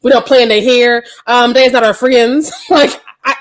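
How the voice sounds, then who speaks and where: A woman's voice: on the high side, fairly even intonation, moderate pace. A woman co-hosting a casual podcast chat, blunt and profane in her opinions. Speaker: podcast co-host.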